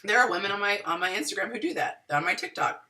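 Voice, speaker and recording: A woman's voice: lively intonation, fast talker, sharp tone, distant mic. Dramatic, sassy woman giving dating advice. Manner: dramatic, sassy, acts out quotes with big pitch swings. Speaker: dating and relationship advice host. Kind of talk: animated monologue to viewers.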